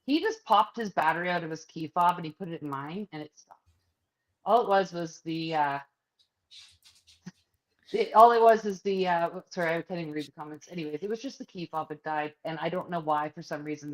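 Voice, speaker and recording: Speaking briskly, a low-voiced woman co-hosting a podcast tells a profane personal story in casual chat. She's an animated storyteller who acts out the lines of other people.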